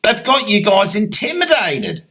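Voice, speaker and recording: A man's voice: high-pitched, wildly swooping pitch, unhurried, sharp tone, slightly rough. A man hosting an interview, blunt and sweary while reassuring his guest. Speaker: host.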